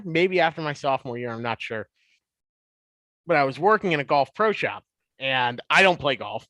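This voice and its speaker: A man in his twenties, a podcast guest, telling stories in a casual, animated way. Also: on the high side, no echo. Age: 20s. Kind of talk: casual storytelling.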